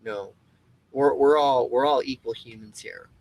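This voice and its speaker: A man's voice: mid-range voice, measured pace, a little mellow, poor audio. A man hosting his own show, delivering an impassioned, rambling monologue with frequent swearing and restarts. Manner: rambling, emphatic, swears, restarts a lot, mocking quoted voices. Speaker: show host.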